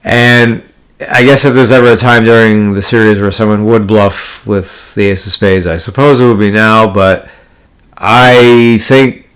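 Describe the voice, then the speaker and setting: A man's voice: lowish voice, fairly even intonation, a little slow, a bit bright, clean tone. A man telling a poker story in a casual, blunt, profanity-heavy monologue, full of card jargon and rambling restarts. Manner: profane, blunt, exasperated ranting. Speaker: poker player vlogger.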